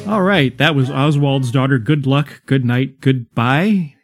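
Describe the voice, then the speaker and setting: Radio host, male, quick back-announce and handoff, dry studio sound. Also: mid-range voice, no echo, faint music behind.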